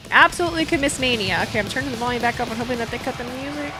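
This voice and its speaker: A woman's voice: on the high side, expressive, racing, loud music behind the voice. A woman streamer hosting a live watch party, anxious and chatty, swearing freely as she reacts.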